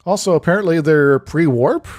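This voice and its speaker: A man co-hosting a podcast in casual chat, playful and quick to laugh. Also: a little high, a little mellow. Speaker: podcast co-host.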